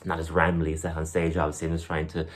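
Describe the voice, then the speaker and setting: A man's voice: rumbling low, completely flat delivery, fast talker. A young man, a comedian, rambling casually through his bits and acting them out in silly voices. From Ireland. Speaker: comedian and podcast host.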